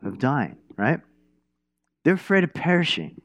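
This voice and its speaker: A man preaching a sermon in a casual, conversational way, asking the congregation questions and dropping to a hushed voice for quiet moments. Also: a little high, sing-song, measured pace, dry recording. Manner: conversational, asks the congregation questions, many restarts. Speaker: pastor. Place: church.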